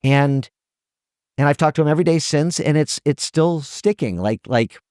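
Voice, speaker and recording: Earnest trial lawyer, dry close sound. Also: male voice, a little high, moderate pace, darkish tone, clean tone, no echo. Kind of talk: podcast interview.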